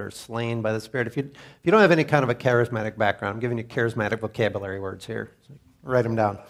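Man explaining church terms with humor. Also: mid-range voice. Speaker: co-speaker at a church talk. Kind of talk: church teaching talk.

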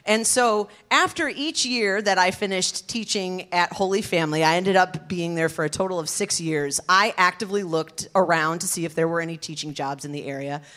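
A woman, telling her personal testimony in an earnest, expressive storytelling way. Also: on the low side, moderate pace, few pauses. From Detroit area, USA. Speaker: speaker sharing her testimony.

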